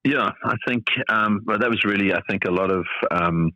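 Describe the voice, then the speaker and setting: A middle-aged South African tennis coach, appearing as a podcast guest, speaks in a very low voice at a moderate pace. His reflective interview answers ramble thoughtfully and are full of fillers, and the sound is dull and dry.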